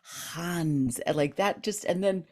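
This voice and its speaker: A woman's voice: sits low, a little slow, a little mellow. A woman hosting a podcast in casual chat with a guest, talking effusively and laughing often. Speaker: podcast host.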